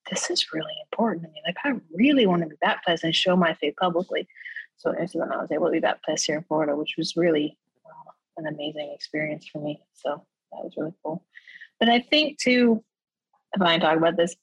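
A woman with a fairly low voice tells her story as an interview guest, candid and earnest. She keeps checking in with the listener and laughs softly between thoughts. The sound is close and dry, with no room around it. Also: no room sound, low-quality recording. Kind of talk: candid personal testimony in conversation.

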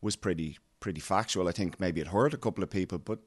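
A man, a coach answering interview questions, slightly hoarse from cheering, emphatic and full of "you know". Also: sits low, fast, dry recording, clean studio sound. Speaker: MMA coach.

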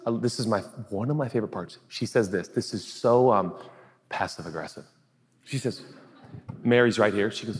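A male pastor preaching a sermon in an animated, jokey, conversational way. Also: medium pitch, moderate pace, pauses often, slightly rough. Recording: long echoey hall reverb.

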